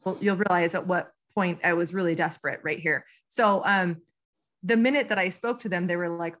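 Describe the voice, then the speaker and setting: Animated American woman telling a story. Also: lowish voice, fairly quick. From United States. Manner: animated storyteller, frequent ums and laughs. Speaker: guest. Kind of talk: casual storytelling interview.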